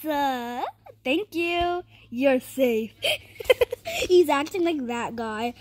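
A woman commentating casually on her own gameplay, excitable, reading game text aloud between squeals and laughs. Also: high voice, unhurried. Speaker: gamer commentating her play.

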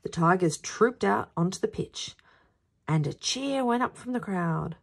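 A woman, who teaches at a school, reading a children's picture book aloud in a lively storytelling voice. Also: medium pitch, measured pace, gravelly, breathy edge. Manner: expressive, sing-song storytelling.

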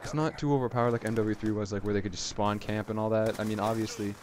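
Rambling low-voiced man doing gameplay commentary. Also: quick pace. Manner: rambling, excitable, retells moments with "I was like". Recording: noisy game audio underneath. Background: game sound effects.

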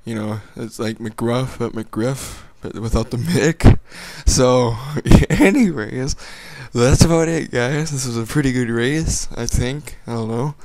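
A man's voice: medium pitch, takes it slowly, few pauses, a little mellow, no echo. A young man giving casual gameplay commentary, rambling and joking with crude language. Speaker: gaming YouTuber.

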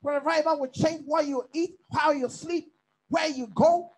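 Guy preaching a bible study, really high voice, punchy repeats, keeps asking the room stuff. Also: fairly even intonation, a little slow, low-quality recording. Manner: emphatic, repetitive preaching with questions to the congregation. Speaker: pastor.

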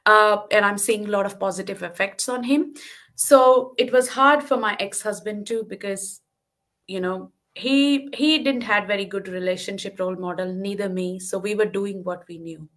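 A woman in her thirties from Western Australia speaks at normal speed in a medium-pitched, fairly bright voice, telling a personal story as a guest in a live online talk. Candid and earnest, she uses many fillers, and the sound comes through a video call.

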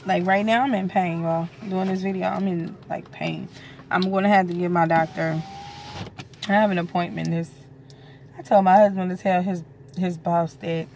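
A young pregnant woman chats to her viewers in a relaxed, rambling vlog. Her voice sits low for a woman, and she cusses freely. A faint hiss of noise runs under the recording. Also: normal speed. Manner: loose, chatty, swears freely. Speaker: vlogger. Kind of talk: casual chat to camera.

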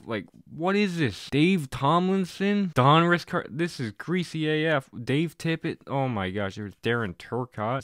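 A man's voice: fairly high pitch, fairly bright tone, clean tone, no room sound, studio quality. A young man from Canada hosting a card-opening video, with casual, sarcastic and exasperated commentary.

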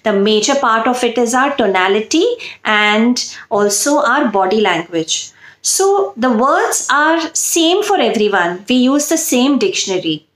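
A woman's voice: on the high side, reverberant, rough recording. A woman hosting her own channel, earnestly explaining and stressing words for emphasis. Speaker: channel host and self-help speaker. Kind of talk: explaining to camera.

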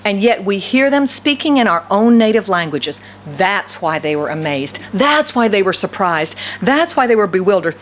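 A woman preacher with a light Southern accent delivers an animated sermon, asking the congregation question after question. Her voice sits a little on the high side. A faint hum runs underneath the recording. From Southern United States. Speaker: pastor.

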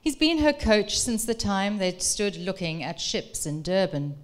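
Woman, middle-aged, professor, public talk, slow, crisp and clear, engaging, asks the audience questions. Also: medium pitch, big pitch swings. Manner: measured, articulate reading voice. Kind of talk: lecture with reading aloud and audience questions. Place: museum room with a live audience.

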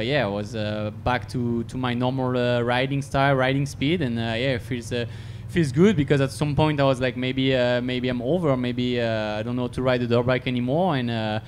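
Male racer, mid-pitched, halting press-conference answers, faint background noise. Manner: halting, many filler sounds, uneven phrasing.

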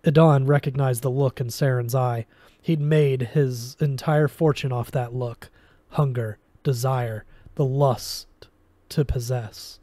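A man reading a novel aloud in a steady storytelling manner, with occasional restarts. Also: mid-range voice, a little slow, dry recording. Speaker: reader.

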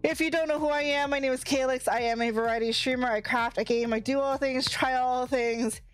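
A woman's voice: high voice, steady tone, fairly quick, clear, resonant tone, faint music behind. A young woman streamer, out of breath, greeting her chat with effusive, bubbly energy. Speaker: variety streamer.

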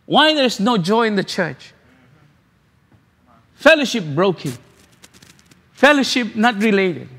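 A man pastor preaching a sermon, repeating phrases and asking rhetorical questions with halting restarts. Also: high-pitched, sing-song, bright, forceful tone. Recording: long hall reverb.

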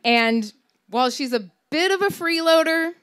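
Woman, 30s, stage storyteller; wry, candid delivery with a very animated melody. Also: very high voice, normal speed. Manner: wry, candid, swears for comic emphasis. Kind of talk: live personal storytelling performance.

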